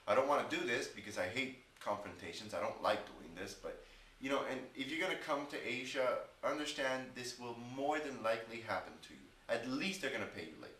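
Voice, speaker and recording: A man's voice: medium pitch, animated, brisk, fairly bright tone, far from the mic, slight background noise. A man chatting casually in a rambling vlog, with stretches of frustrated ranting. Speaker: English teacher vlogger. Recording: echoey room, off-mic at times.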